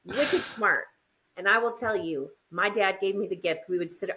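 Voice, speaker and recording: Middle-aged woman chatting on a podcast, bright clear voice, animated storyteller. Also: mid-range voice, brisk. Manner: lively storyteller, does voices in quotes. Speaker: guest. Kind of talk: casual chat.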